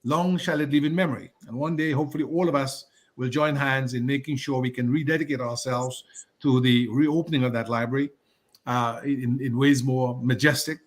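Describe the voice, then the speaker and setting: A man, a guest on a radio talk show who reminisces in a scholarly, digressive and measured way. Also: mid-range voice, steady tone. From Dominica. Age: 60s.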